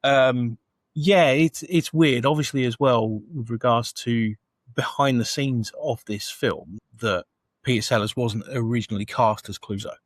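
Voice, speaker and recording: A man's voice: mid-range voice, a little slow, no room sound. A man co-hosting a podcast, talking through a film in an easygoing, agreeable way. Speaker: podcast co-host. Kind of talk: casual film review chat.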